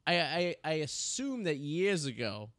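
A man in his thirties, a podcast host, winds through long stories with plenty of stops and restarts. His voice sits a little high for a man. The studio sound is close and dry, with no room echo. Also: big pitch swings, a little slow, fairly bright tone. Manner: rambling storyteller, many restarts and fillers. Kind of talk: casual chat. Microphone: studio mic.

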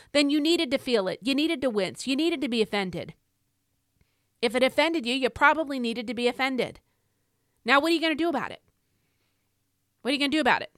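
A middle-aged woman hosting a faith podcast, delivering an emphatic, preacherly exhortation that swells into shouts. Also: high-pitched, dry recording, studio quality. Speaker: podcast host. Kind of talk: fiery devotional exhortation.

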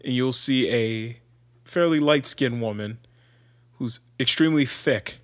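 A man's voice: mid-range voice, unhurried, fairly bright tone. A young man co-hosting a podcast, teasing his co-host in laid-back, crude chat.

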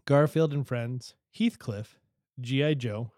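A man's voice: mid-range voice, takes it slowly, darkish tone, slight background noise. A man from Utah hosting a casual podcast chat, laid-back and laughing as he talks. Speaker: podcast host.

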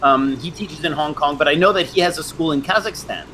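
A man's voice: a little high, fairly quick, pushed and bright, a little hiss or hum, rough recording. A middle-aged man casually telling rambling stories in a chat, often restarting and laughing.

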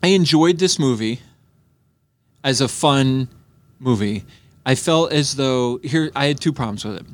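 A man's voice: mid-range voice, a little slow, pauses often, no echo. A man co-hosting a casual movie podcast, rambling through stories and acting out bits of dialogue. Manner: rambling storyteller with frequent restarts, acts out dialogue. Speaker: podcast co-host. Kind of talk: casual chat reviewing a movie.

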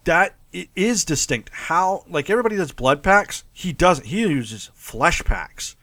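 A man's voice: a little high, lively intonation, measured pace, pushed and bright, dry recording. A man co-hosting a casual movie discussion, acting out scenes with mock quotes and laughter. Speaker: podcast co-host.

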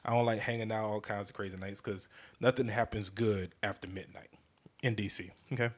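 A man hosting a comedy podcast, telling a story in a casual, animated and profane way, often restarting sentences. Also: on the low side, fairly quick.

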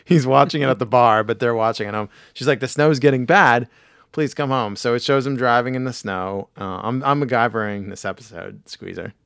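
A man with a hoarse, failing voice, casually recapping a cartoon episode with laughs and restarts. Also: mid-range voice, fairly quick, fairly bright tone, dry recording, clean studio sound. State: hoarse, losing his voice. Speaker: podcast host. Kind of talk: casual chat.

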